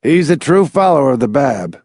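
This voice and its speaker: A cocky, self-satisfied man who brushes off every threat with a mocking, breezy tone, read by a male narrator. His delivery rises and falls in lively swings, close and dry. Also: mid-range voice, moderate pace, no echo, pitched above the performer's own voice. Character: smug, cocky man loaded with lucky charms.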